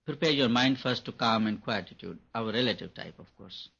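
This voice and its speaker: A man's voice: medium pitch, normal speed, gravelly, sharp tone, slightly rough. A man giving a spiritual talk on meditation, repeating his points for emphasis. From India. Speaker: meditation teacher. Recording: dull lo-fi recording.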